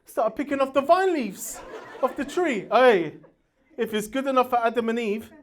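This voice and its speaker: A man's voice: very high-pitched, moderate pace, slight background noise. A man performing a stand-up comedy set, telling stories brashly and animatedly, with his own sound effects and put-on voices. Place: comedy venue with live audience. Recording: crowd audible in the background. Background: audience laughter.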